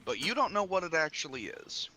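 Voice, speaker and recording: A man's voice: fairly high pitch, sing-song, brisk, noisy background. A man acting as game master, narrating a tabletop game in a laid-back, jokey way.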